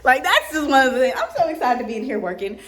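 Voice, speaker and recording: Young woman vlogger, high voice, fervent and preachy, echoey empty office. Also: very animated, fast, a crowd in the background. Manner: fervent and preachy, with quiet prayerful asides. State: out of breath. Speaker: vlogger and ministry leader. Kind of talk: casual inspirational vlog talk. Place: empty office room, indoors. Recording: long room reverb.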